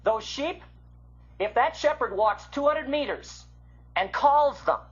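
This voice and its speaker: An older man from the Midwest giving an illustrated Bible lecture, with a husky voice that swings from loud to hushed. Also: extremely high pitch, lively intonation, takes it slowly. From American Midwest. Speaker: Bible teacher. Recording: muffled lo-fi recording.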